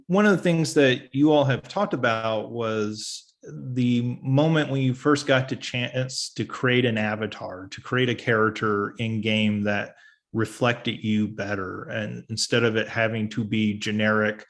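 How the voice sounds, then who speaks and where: A man moderating a panel discussion over a video call, relaxed and hesitant with many fillers. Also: on the low side, gravelly.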